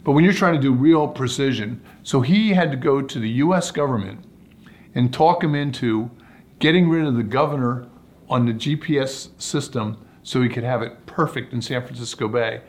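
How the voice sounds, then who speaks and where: A man tells long stories about ocean racing as an interview guest. His delivery is relaxed and anecdotal, and his voice sits at a mid pitch. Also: moderate pace. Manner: relaxed anecdotal storytelling, acts out quotes. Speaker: guest, sailor and sailing commentator. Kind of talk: storytelling in a podcast interview.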